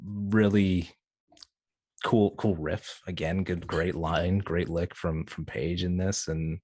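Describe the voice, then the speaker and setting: A middle-aged man with a low voice co-hosts a casual music podcast, recorded close and dry with no room sound. He reacts in a relaxed, searching way and trails off mid-thought. He slips in dry jokes. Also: slow, breathy edge, dry recording. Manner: relaxed, hesitant, joking reactions. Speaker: podcast co-host.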